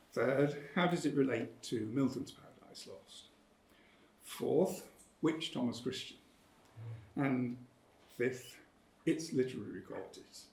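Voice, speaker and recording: Measured man lecturing in a roomy hall. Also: mid-range voice, darkish tone. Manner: measured, precise, emphatic. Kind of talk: academic lecture.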